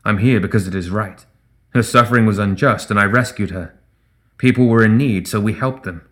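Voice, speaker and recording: Man voicing a low-voiced grim mercenary. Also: brisk, close to an everyday voice. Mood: resolute. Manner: low and quiet. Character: low, grim male mercenary, quietly resolved.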